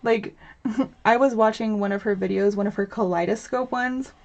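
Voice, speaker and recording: A woman's voice: mid-range voice, fairly even intonation, normal speed, darkish tone, muffled recording. A young woman hosting a live crafting tutorial, chatty and bubbly, chatting with viewers as she works and laughing often. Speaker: host of a crafting livestream.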